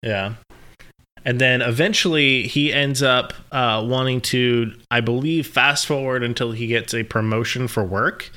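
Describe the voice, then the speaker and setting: Young man, halting, bright casual voice. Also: mid-range voice, fairly even intonation. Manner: halting, filler-heavy summarizing. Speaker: podcast co-host. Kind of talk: casual movie discussion.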